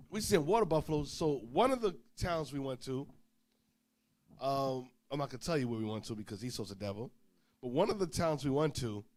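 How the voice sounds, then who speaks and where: With a slightly high voice, a man preaching informally relates a travel story, performing each side of the dialogue himself and alternating between loud and quiet delivery.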